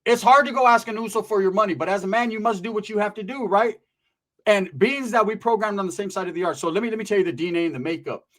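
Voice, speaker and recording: High-pitched and quick, with a somewhat bright tone, this man hosts a channel and tells laid-back prison-life stories. His language is blunt, profane street slang, and he keeps checking in with "right?"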